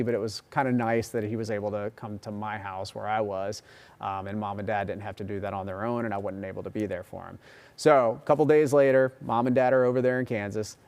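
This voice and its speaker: A man's voice: medium pitch, a little mellow. Chatty man telling a story on a livestream. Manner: chatty and rambling, reads viewer comments aloud. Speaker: meteorologist and show host. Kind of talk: casual livestream storytelling and viewer chat.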